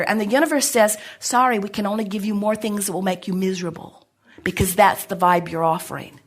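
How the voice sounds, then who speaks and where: A woman's voice: mid-range voice, brisk, breathy edge. A middle-aged woman giving an inspirational seminar talk to an audience, speaking emphatically as "we". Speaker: spiritual speaker answering an audience.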